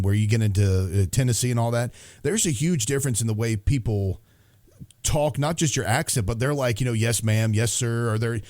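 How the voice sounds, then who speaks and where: A man's voice: medium pitch, a little mellow, no echo, studio quality. A man co-hosting a podcast, chatting casually in a rambling, self-mocking way. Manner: rambling, self-mocking, puts on silly voices. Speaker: podcast co-host. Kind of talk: casual chat.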